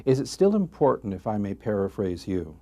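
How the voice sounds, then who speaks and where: A man interviewing a guest, asking long deliberate, pointed questions. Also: on the low side, sing-song, warm tone.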